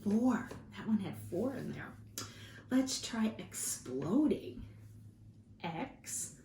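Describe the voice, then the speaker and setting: Casting: female teacher, lively sing-song delivery, echoey room with light hiss. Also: medium pitch, vocal fry. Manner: slow, encouraging, drawn-out word modeling. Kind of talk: phonics lesson for young children.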